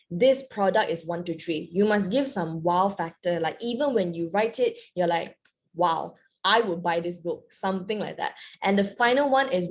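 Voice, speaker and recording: Young woman tutor, chatty, mixes in Mandarin, online lesson. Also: mid-range voice. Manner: switches between English and Mandarin, chatty and lively. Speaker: English teacher.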